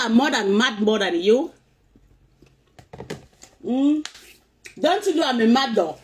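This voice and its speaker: A woman ranting at commenters on her stream, firing back repeated taunting questions. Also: high-pitched. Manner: confrontational, repetitive taunting questions. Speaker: social media vlogger reading comments. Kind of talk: ranting live-stream talk.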